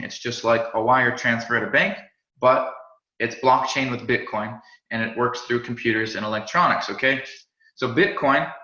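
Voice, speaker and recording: A man teaching a live class in an energetic, chatty way, often repeating and restarting words. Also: mid-range voice. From United States. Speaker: crypto trading instructor. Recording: roomy, slightly dull sound.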